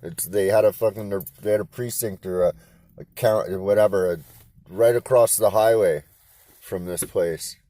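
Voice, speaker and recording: A man's voice: on the low side, normal speed, dark tone, dry recording. A man from Canada telling a rambling, profane story in casual talk. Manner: rambling, profane, laid-back. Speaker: interviewee.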